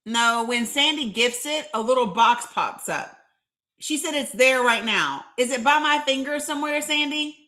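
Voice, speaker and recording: A woman hosting a casual live stream, chatting, reading viewer comments aloud and often laughing and clearing her throat. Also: high voice, moderate pace, bright, forceful tone. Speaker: livestream host.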